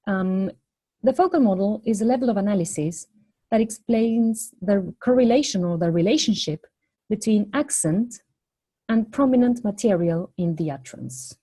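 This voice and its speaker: A woman lecturing on phonology, explaining step by step in a measured way and posing questions to the class. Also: medium pitch, warm tone.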